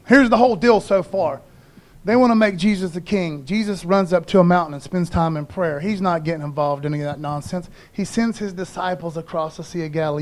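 Relaxed, slangy male preacher with a high voice. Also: fairly quick. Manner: laid-back slangy preaching, acts out voices. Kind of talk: casual sermon.

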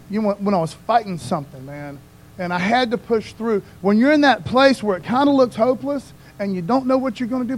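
A man's voice: high voice, darkish tone, slight background noise, low-quality recording. A male pastor giving a casual, conversational sermon, often tagging his lines with "man" and "you know what I mean".

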